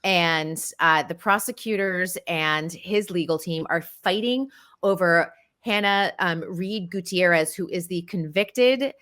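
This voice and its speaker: A woman on a radio talk show, briskly running through celebrity court and family news in casual chat. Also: lowish voice, fairly bright tone. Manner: brisk, informed gossip delivery. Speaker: entertainment news reporter.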